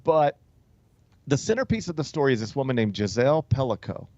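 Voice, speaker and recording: A man's voice: mid-range voice, sing-song, fairly quick, a little mellow, no room sound, highs cut off. A male talk show host telling a story in a casual, rambling way, with many fillers and restarts. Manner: loose, rambling delivery full of "like" and "um", with frequent restarts. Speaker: sports radio host.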